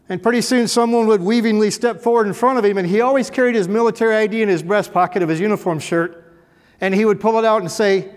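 With a voice that sits high and a fast delivery, a middle-aged former police officer shares comic stories with an audience. He comes across as folksy and wryly self-mocking, recorded with echoey hall reverb.

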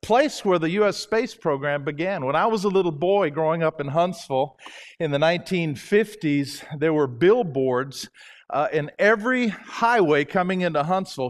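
Chatty older man. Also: fairly high pitch. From Alabama, US. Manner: jokey, chatty, engages the audience. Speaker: guest speaker. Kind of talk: chapel talk.

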